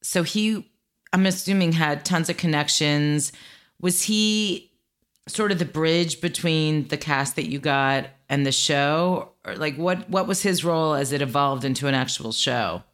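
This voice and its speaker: A woman's voice: deep voice, measured pace, clear, resonant tone. A woman interviewing a guest, asking questions and reflecting back with empathy. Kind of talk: casual interview.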